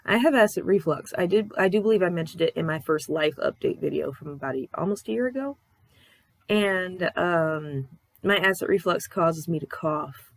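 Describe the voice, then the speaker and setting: Young woman vlogger, lowish voice, dry close sound; candid, cussing, rambling storyteller. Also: no echo. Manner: acts out other people's lines in quoted voices. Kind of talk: casual life-update chat.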